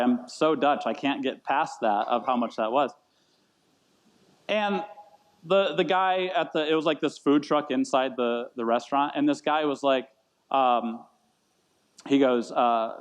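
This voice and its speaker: A man in his thirties preaching a casual sermon, rambling and self-deprecating, often repeating words as he tells stories. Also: mid-range voice. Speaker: pastor. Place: church meeting in a brewery.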